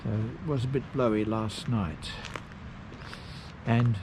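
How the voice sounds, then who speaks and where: A man casually narrating a road trip outdoors, rambling with pauses and fillers. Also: medium pitch, steady tone. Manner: slow, rambling, pausing with fillers. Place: outdoors at campsites and parks. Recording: noisy outdoor recording.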